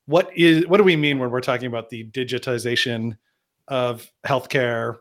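A man's voice: medium pitch, moderate pace, a bit bright. A man hosting a podcast, chatting casually in a jokey, rambling way with restarts. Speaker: podcast host.

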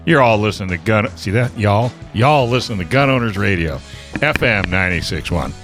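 A man with a fairly low voice co-hosts a radio talk show and throws in wry jokes. Faint music plays beneath him. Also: lively intonation, a little fast, a bit bright. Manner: wry, joking asides. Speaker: radio co-host.

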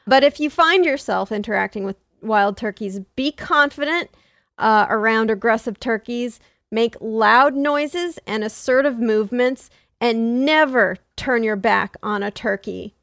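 A woman's voice: a little high, unhurried, fairly bright tone, no room sound, clean studio sound. A woman hosting a casual comedic podcast, joking and slipping into silly voices. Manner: playful, breaks into silly voices and laughs. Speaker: podcast host.

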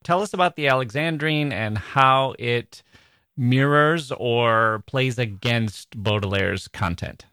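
A man's voice: mid-range voice, animated, slow, bright, forceful tone, clear, resonant tone, no room sound, studio quality. A man as a podcast host in a literary interview, asking curious questions and giving short replies. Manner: curious, asks questions, brief backchannels.

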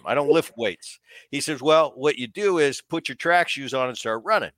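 A middle-aged man telling stories in easygoing podcast conversation. He acts out the voices of people he quotes. His voice sits in a middle pitch and is recorded close and dry, with no room sound. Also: normal speed, no room sound. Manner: animated storyteller acting out quoted dialogue. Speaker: podcast co-host, former ballplayer. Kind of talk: casual storytelling chat.

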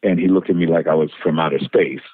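Low voiced guy telling a story, animated, kinda laughing, sounds like a phone line, dry. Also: fast, slightly rough, dry recording. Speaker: interviewee, musician. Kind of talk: anecdotal storytelling interview. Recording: tinny phone-like interview line.

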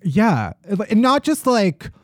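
A man's voice: sits high, wildly swooping pitch, takes it slowly, dry recording, clean studio sound. A man co-hosting a podcast, chatting casually with a playful, self-mocking humor. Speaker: podcast co-host. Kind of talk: casual chat.

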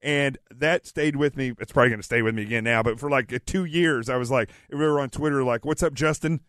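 Over a studio mic with no echo, a Southern man sitting in as a talk radio host chats quickly in a mid-range, fairly bright voice. He has a cold but keeps the banter light, cracking jokes and pitching his book.

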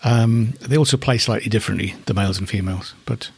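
A man's voice: fairly low pitch, fast, creaky, breathy edge, dry recording. A middle-aged man from northeast England who keeps alpacas, chatting casually and fondly about them as he thinks aloud. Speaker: alpaca keeper. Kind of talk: casual spoken commentary.

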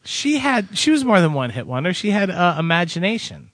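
A man with a high, bright voice that swings widely as he rants about songs in casual podcast banter. The sound is dry and close. He gets exasperated easily and laughs often. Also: dry recording. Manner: animated, exasperated ranting, quick to laugh. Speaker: podcast co-host.

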